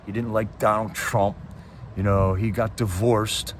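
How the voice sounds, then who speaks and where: A man's voice: fairly low pitch, level tone, a little slow, slight background noise. A man hosting a livestream, ranting about politics in a casual, impassioned way and firing off rhetorical questions while answering his chat. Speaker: livestream host reading chat.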